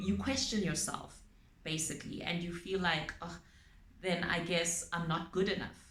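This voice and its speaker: A woman calmly explaining her topic to viewers, using everyday examples and frequent pauses and ums. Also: lowish voice. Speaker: channel host on abuse awareness. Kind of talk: explanatory talk to camera. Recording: echoey room.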